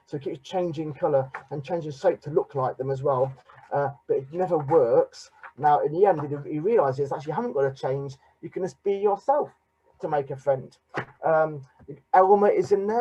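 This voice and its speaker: An English man, a schoolteacher, talks to an audience on a video call and reads from children's picture books with animated delivery. His voice sits a little high for a man, dark and somewhat husky. He speaks loosely, with many fillers. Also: low-quality recording. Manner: animated storyteller with many "you know" and "uh" fillers. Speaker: teacher giving a talk.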